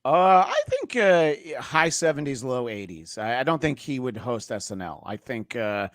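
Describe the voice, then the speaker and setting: A man guesting on a podcast, telling dry, deadpan jokes in a hesitant way with many fillers. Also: medium pitch, moderate pace, no echo. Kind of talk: casual comedic chat.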